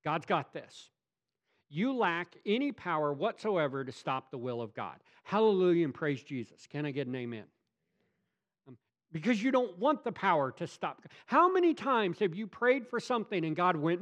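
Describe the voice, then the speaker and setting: A man preaches a sermon in a voice that sits a little high. He is emphatic, rising loud and dropping to a hush, and keeps putting rhetorical questions to his congregation. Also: big pitch swings, normal speed. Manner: emphatic, swinging from loud to hushed. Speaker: pastor.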